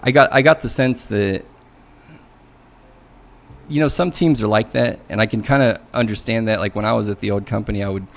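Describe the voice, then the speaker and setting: Man, low voice, gravelly, casual rant, swears, loose and chatty. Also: fairly quick, long pauses. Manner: venting, mocking voices in quotes, swears, loose and conversational. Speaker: coding learnalong streamer.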